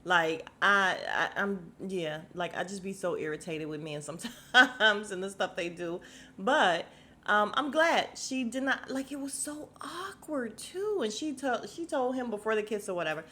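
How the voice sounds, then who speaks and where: A woman's voice: mid-range voice, expressive, normal speed, sharp tone. A woman hosting a podcast at home, recapping a reality show in a chatty, sassy way and laughing often. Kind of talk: casual chat.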